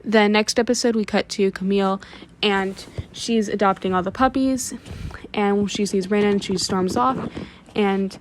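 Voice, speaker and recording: A woman's voice: medium pitch, fairly even intonation, a little slow, slight background noise. Chatty woman recapping a comic story. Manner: chatty retelling, strings events with "and she's like"; frequent restarts and self-corrections. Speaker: webtoon recap creator.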